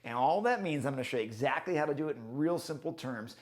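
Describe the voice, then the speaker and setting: A man's voice: medium pitch, lively intonation, fast talker. A man teaching a guitar lesson, explaining in a friendly way and counting and singing rhythms aloud. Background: guitar playing.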